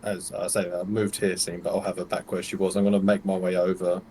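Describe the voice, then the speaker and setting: A man playing in a tabletop game, briskly laying out his character's actions. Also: low voice, little pitch movement, a little mellow, a little hiss or hum. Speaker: player. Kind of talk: tabletop role-play.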